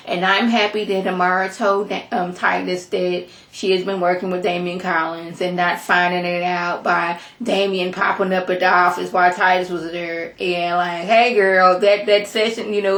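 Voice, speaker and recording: A young woman reviews a TV drama in a chatty, sassy way, piling on animated asides. Her voice has a gravelly fry at mid pitch, and the room around her echoes. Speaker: TV episode reviewer. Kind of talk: casual recap commentary.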